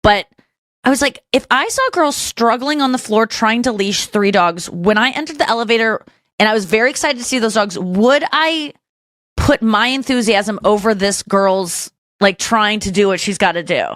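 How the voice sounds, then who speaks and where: A woman hosting a podcast in casual chat, talking frankly and rambling through quick asides. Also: on the high side, expressive, fairly bright tone, no room sound. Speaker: podcast host.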